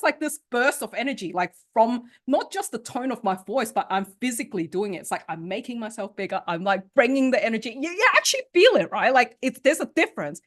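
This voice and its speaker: Woman workshop coach, very expressive pitch, chatty, keeps asking "right?", over a video call. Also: fast talker, hardly any pauses. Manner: animated, conversational, often asks "right?" and laughs. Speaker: sales and communication coach. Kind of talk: interactive online workshop teaching.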